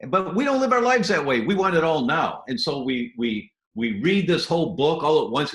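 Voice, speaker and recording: A guest doctor talks fairly quickly with hardly any pauses, his fairly high voice swinging widely in pitch, and the sound is roomy. Enthusiastic in this animated health interview, he walks through habits step by step and occasionally plays out small scenes with quoted voices.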